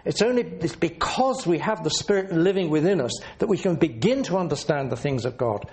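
A man preaching a sermon in an earnest, measured teaching manner, leaning into words for emphasis. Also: fairly high pitch, lively intonation, darkish tone.

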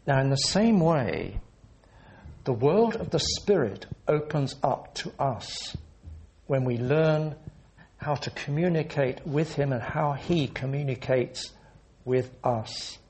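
A man preaching a sermon in an earnest, measured teaching manner, leaning into words for emphasis. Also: mid-range voice, lively intonation, darkish tone.

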